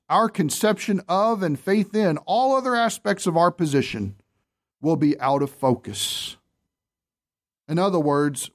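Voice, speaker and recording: A man delivers a sermon with a slightly higher-pitched voice. He presses his points with rhetorical questions and answers them firmly. He reads quoted passages aloud and slows down on the words he wants to stress. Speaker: pastor.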